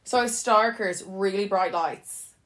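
A woman's voice: mid-range voice, measured pace, a bit bright. A young woman animatedly telling a funny personal story in casual chat, often breaking into laughter.

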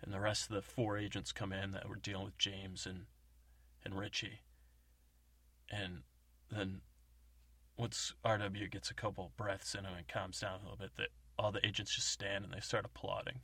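A man's voice: sits low, level tone, moderate pace, pushed and bright, dry recording. A man hosting a comedy podcast, telling an improvised story in a rambling way. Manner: rambling, many fillers and restarts. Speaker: podcast host.

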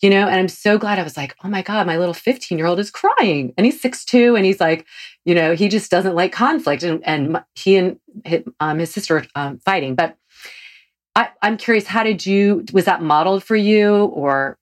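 Woman, forties, low voice, effusive, gushing, casual interview host. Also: moderate pace. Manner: effusive, gushing, with pitch leaps. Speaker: podcast host.

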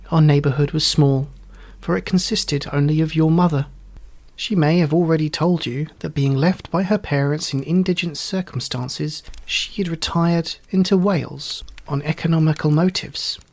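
A man narrating a story in an audiobook, reading in a measured, wry way. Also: on the high side, a little mellow. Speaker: reader.

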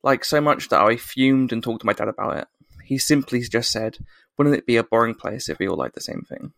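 Gravelly earnest man. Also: medium pitch, lively intonation, brisk, a bit bright, dry recording, clean studio sound. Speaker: podcast co-host. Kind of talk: casual chat.

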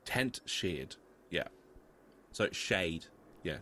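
A man hosting a podcast, calmly explaining the rules of a game in a measured way. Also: deep voice. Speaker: podcast host. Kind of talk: casual chat.

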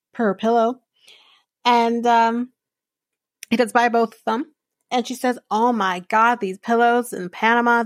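A woman's voice: on the high side, dry recording, clean studio sound. A woman hosting a podcast, recapping a reality show in a chatty, rambling way with many restarts. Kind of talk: casual chat recap.

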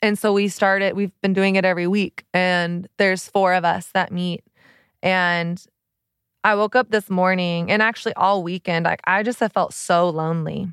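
A woman's voice: on the low side, fairly even intonation, normal speed, fairly bright tone, clean tone, dry recording, clean studio sound. A woman in her thirties, a podcast host and relationship coach, talking openly and earnestly in a personal confessional way, full of "like" fillers. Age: 30s. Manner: earnest, open, many "like" fillers.

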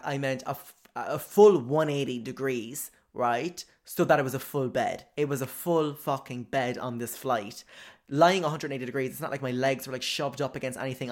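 Brash, profane young comedian. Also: male voice, medium pitch. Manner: brash, profane, exaggerating, chatty asides. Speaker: stand-up comedian. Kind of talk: stand-up storytelling.

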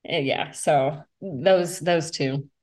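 Young woman, podcast co-host, blunt, animated, swears, casual recap chat. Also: low-pitched, very slow.

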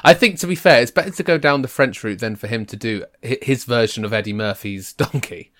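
A man in casual banter with friends, animated and jokey, with sudden bursts of excitement. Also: mid-range voice, a little fast. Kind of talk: casual chat.

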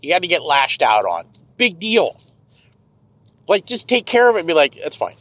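A man's voice: on the high side, sing-song, normal speed, a bit bright, no echo, low-quality recording. A middle-aged man hosting a podcast, ranting in a casual, sarcastic and profane monologue from his car. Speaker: podcast host. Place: car, driving.

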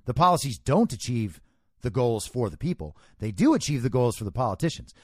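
A man's voice: mid-range voice, sing-song, a little fast, husky, dry recording, studio quality. A man hosting a podcast, giving an opinionated solo monologue with emphatic delivery and rhetorical questions. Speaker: podcast host.

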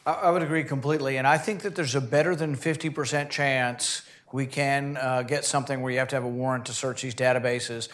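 A man's voice: medium pitch, fairly even intonation, fairly quick, few pauses, fairly bright tone. A man speaking as a senator on a public panel, arguing his point directly. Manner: argumentative, direct. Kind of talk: panel discussion.

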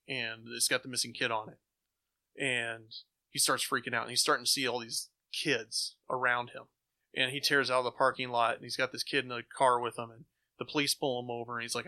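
A man co-hosting a casual chat, animatedly retelling comic stories and acting out the characters' lines. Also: medium pitch. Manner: animated storyteller, acts out quotes. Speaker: comic book podcast co-host.

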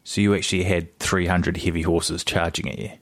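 A man's voice: deep voice, little pitch movement, a little fast. A male host asking eager, enthusiastic questions in an interview. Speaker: podcast host.

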